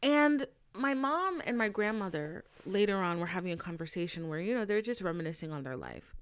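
Woman podcaster ranting casually, swears a lot, super clear tone, dead dry sound. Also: medium pitch, brisk, no echo. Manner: animated, swears freely, self-mocking rants. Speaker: podcast host. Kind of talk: casual monologue.

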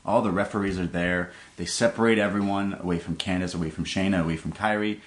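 A podcast co-host with a low voice talks fast, casually recapping wrestling with lively storytelling. He retells events and laughs often.

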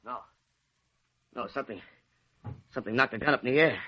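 A man playing a gruff village thug. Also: mid-range voice, fairly quick, lightly acted. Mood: scared. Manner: gruff, rural slang. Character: rough, hot-tempered male village thug. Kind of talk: 1930s radio drama acting. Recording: dull old radio recording.

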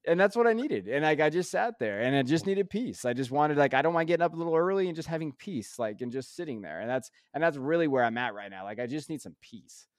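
A man's voice: on the high side, animated, quick pace, hardly any pauses, no room sound, studio quality. A man in his thirties co-hosting a podcast, venting in a weary, stressed way with lots of filler words. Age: 30s. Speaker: podcast co-host. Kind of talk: casual chat.

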